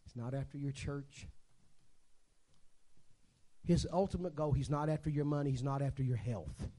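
Guest-preaching a sermon, a man in his sixties tells stories and swings from soft speech to shouts. His pitch is medium and his pace normal.

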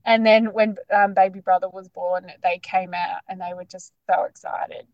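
A woman's voice: medium pitch, normal speed, dry recording, lo-fi sound. A woman, casually telling a long personal story full of "like" fillers. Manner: chatty, animated, lots of "like" fillers. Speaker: guest sharing her birth story.

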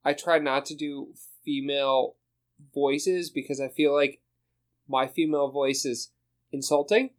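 A man's voice: mid-range voice, fairly even intonation, a little slow. A man chatting casually in a group, rambling and laughing as he talks about running tabletop games. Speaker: podcast co-host, dungeon master.

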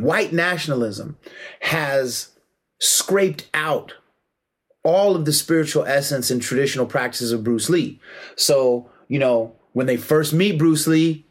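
A man giving an impassioned, preachy monologue about martial arts, emphatic and full of slang. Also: fairly high pitch.

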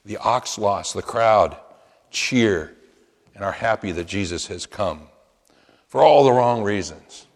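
A man's voice: lowish voice, animated, slow pace, long reverb tail. A man preaching a sermon as pastor, rising into emphatic chanted quotes.

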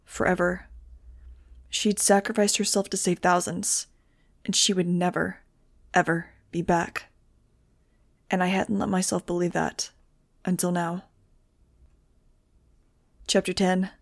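A woman reading a novel aloud in the first person, with a steady, measured delivery. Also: lowish voice, creaky, no room sound, clean studio sound. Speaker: audiobook reader.

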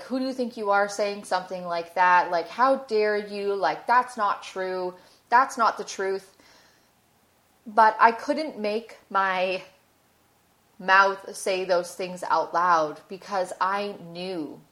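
A woman's voice: mid-range voice, a bit bright. A woman hosting a podcast, telling a personal story in a candid, emotional way and swearing casually. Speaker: podcast host.

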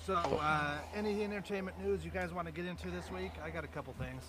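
A man's voice: sits high, fast talker. A man co-hosting a casual podcast, laughing through a funny story and steering the chat to the next topic. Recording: loud background noise.

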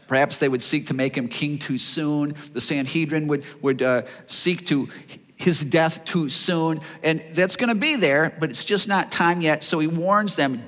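Guy pastor preaching, kinda high bright voice, lively, acts out the lines, long echo from a big church hall. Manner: animated preaching, acts out voices of listeners and Jesus. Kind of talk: sermon.

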